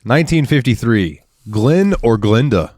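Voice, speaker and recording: A man's voice: medium pitch, lively intonation, measured pace, darkish tone, dry recording, studio quality. A man on a podcast reading film trivia aloud with wry, laid-back asides in casual chat. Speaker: podcast co-host.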